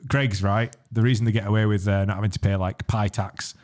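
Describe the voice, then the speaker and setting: A man's voice: on the low side, little pitch movement, a little fast, a little mellow. A man co-hosting a podcast. He reads out listener comments and teases his co-host. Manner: teasing, reads comments aloud. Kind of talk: casual podcast banter.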